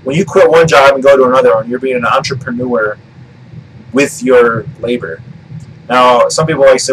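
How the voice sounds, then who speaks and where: A man's voice: mid-range voice, moderate pace, a little hiss or hum, low-quality recording. A man talking through an argument off the cuff, rambling, restarting sentences and swearing now and then. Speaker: political commentary vlogger. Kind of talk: casual monologue.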